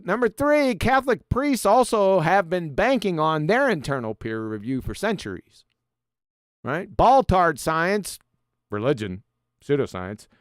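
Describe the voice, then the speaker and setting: A man's voice: sits high, clean tone, dry recording, studio quality. A man hosting a live stream and presenting slides in a combative, mocking, emphatic manner. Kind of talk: casual live-stream lecture.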